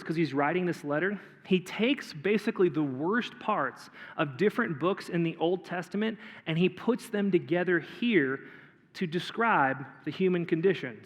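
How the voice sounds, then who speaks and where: A male pastor preaching a sermon in a conversational way, often clearing his throat and repeating words. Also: on the high side, a bit bright. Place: church auditorium. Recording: long hall reverb.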